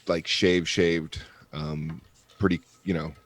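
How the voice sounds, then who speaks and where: A man's voice: low voice, steady tone, takes it slowly. A man hosting a podcast in casual chat, rambling with lots of fillers and casual swearing. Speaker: podcast host.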